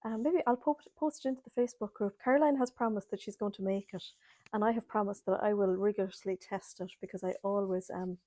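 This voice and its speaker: A woman's voice: medium pitch, steady tone, fast, dark tone, no room sound. A woman with an Irish accent hosting a live sewing chat from home, greeting viewers by name and laughing often as she reads their comments. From Ireland. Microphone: laptop or webcam mic, camera angled up.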